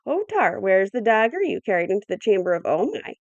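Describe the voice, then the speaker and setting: A woman reading an audiobook, voicing an ancient old man with a thin, cracked, shrill voice. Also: very animated, fast talker, dry recording, highs cut off. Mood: accusing.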